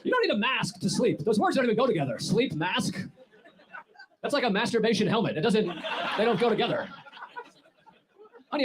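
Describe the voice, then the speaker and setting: A man performs stand-up in a comedy club, rattling off sarcastic, exasperated stories at a quick clip. His voice sits a little high. Steady crowd and room noise runs underneath the live recording. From United States. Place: comedy club stage before a laughing audience. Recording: live audience noise throughout.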